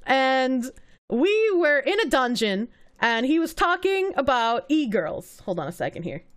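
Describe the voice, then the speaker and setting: A female streamer talks loosely with her viewers in a high voice that swoops up and down all the time. She is animated, laughs often and swears without a second thought. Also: unhurried, clean tone. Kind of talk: casual livestream commentary.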